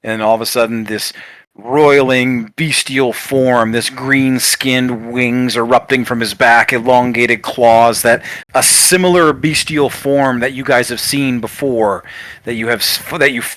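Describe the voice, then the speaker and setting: A man's voice: medium pitch, steady tone, unhurried, fairly bright tone, dry recording. A man narrating as game master of a tabletop game, describing scenes in a loose way full of fillers.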